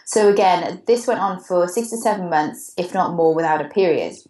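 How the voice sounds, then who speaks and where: A woman's voice: on the low side, normal speed, mellow, roomy sound, rough recording. A Welsh woman co-hosting a podcast, chatting casually and reading out a listener's question, with a digressive manner. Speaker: podcast co-host.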